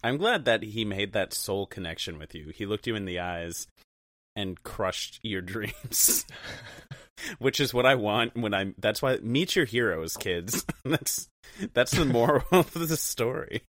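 Slow, low-voiced podcast co-host. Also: male voice, lively intonation, fairly bright tone, no room sound, clean studio sound. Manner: laughs often, fillers, jokey asides. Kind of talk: casual chat.

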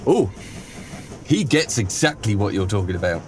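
A man narrating as game master in a tabletop game, halting and full of restarts. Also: on the low side, big pitch swings. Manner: halting, lots of fillers and restarts.

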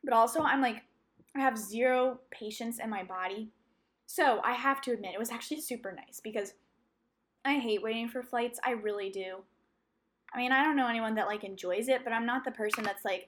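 Young woman podcaster rambling through a story, lots of likes and um, kinda high voice. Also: normal speed. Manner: chatty and rambling, with frequent fillers and self-corrections; animated, acting out her own reactions. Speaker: podcast host. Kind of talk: casual solo storytelling.

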